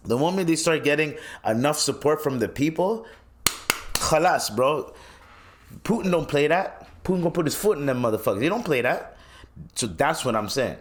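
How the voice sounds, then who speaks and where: A man's voice: fairly high pitch, animated, moderate pace, slight background noise. A man hosting his own podcast, ranting loosely and swearing freely, with lots of restarts. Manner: loose and rambling, with many restarts. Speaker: podcast host. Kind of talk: solo podcast rant.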